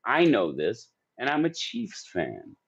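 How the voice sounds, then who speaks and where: A man's voice: mid-range voice, huge pitch swings, slow pace, creaky, slightly rough. A man in his forties ranting on a live sports stream, profane and combative as he answers his chat. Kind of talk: heated live-stream rant. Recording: dull lo-fi stream audio.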